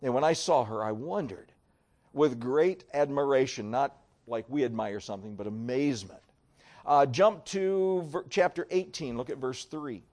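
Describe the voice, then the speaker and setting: A middle-aged male pastor preaching a sermon, reading scripture aloud with wide swings in pitch and loudness. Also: normal speed.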